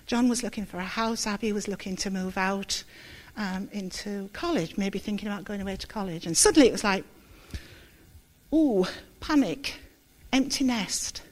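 A middle-aged woman giving a candid, self-deprecating church testimony, halting and close to tears. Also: medium pitch. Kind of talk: sermon with personal testimony.

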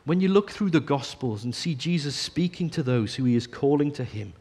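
A man preaching a sermon, earnest, often dropping to a soft hush on key phrases. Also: mid-range voice, lively intonation, brisk, slightly rough.

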